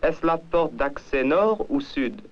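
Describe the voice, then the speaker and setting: A man's voice: a little high, animated, a little slow. A man with a French accent playing a French traveler, saying example phrases in an old educational film and stressing the last syllable of each phrase. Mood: careful. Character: French male traveler asking for directions. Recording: dull, hissy old film soundtrack.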